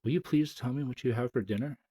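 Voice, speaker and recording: A man's voice: mid-range voice, quick pace, dark tone, slightly rough, close to an everyday voice, poor audio. A man voicing a polite, earnest young male elephant calf in a storybook reading.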